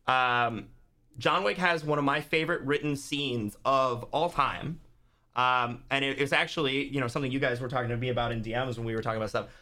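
A man's voice: mid-range voice, brisk, pushed and bright. A man guest on a podcast, talking casually and acting out movie scenes in quoted voices. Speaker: podcast guest, YouTuber and author. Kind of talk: casual chat.

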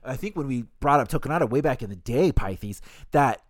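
Male podcast host, mid-pitch, relaxed and profane, recorded close and dry. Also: a little fast, dry recording. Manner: laid-back, swears freely, reads passages aloud. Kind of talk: casual podcast chat recapping a novel.

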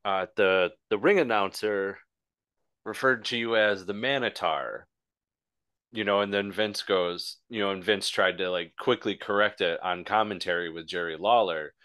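Low-voiced podcast host asking questions. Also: male voice, normal speed, bright, forceful tone, clear, resonant tone. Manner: rambling, self-correcting questions. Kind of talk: interview questions.

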